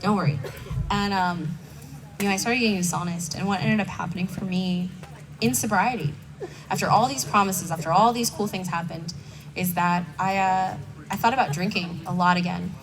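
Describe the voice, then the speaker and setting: Picked up by a distant mic with faint background noise, this young woman shares her own story at a recovery meeting from a conference hall stage. She talks candidly and conversationally, tossing in self-mocking asides. Her pitch is fairly low, her intonation fairly even, her pace moderate.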